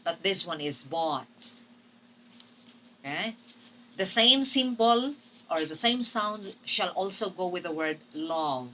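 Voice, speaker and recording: A woman teacher giving a recorded phonetics lecture, speaking deliberately and often checking in with her students. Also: lowish voice, expressive, bright, forceful tone, distant mic, a little hiss or hum, low-quality recording. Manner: slow, deliberate, checks in with "okay?". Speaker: English teacher.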